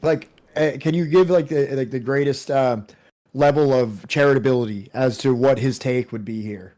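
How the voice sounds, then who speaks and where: Man, livestream host, casual chatter, lots of fillers, mid pitch. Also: steady tone, moderate pace, mellow.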